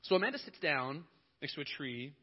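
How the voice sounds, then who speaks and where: A man's voice: a little high, lively intonation, a little fast, breathy edge. A young man, a youth pastor, telling a funny story in a sermon, acting out dialogue with self-deprecating humor. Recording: muffled lo-fi recording.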